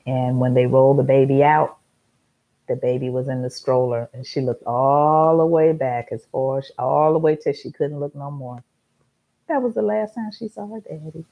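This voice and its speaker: A woman's voice: very deep voice, normal speed, narrow, tinny audio. A middle-aged woman hosting a talk show, telling a story in an emphatic, repetitive monologue.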